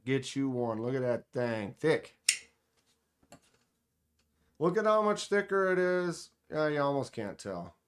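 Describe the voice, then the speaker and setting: A man's voice: medium pitch, big pitch swings, slow, pauses often, smooth. A man hosting a casual knife livestream at a table indoors, chatting enthusiastically and reading the chat aloud. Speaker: knife channel host.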